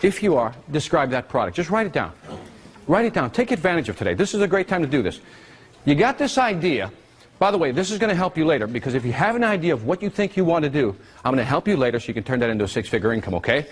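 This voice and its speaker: Speaking very fast in a slightly rough voice that sits a little high for a man, this presenter drives a live seminar with big swings in pitch. He's energetic and keeps firing questions, making sure the audience follows each point.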